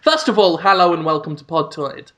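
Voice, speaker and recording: A male podcast host with a wry, joking delivery. His pitch moves a lot through each sentence, and the tone is bright. He often laughs between his quick asides. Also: animated. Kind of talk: casual chat.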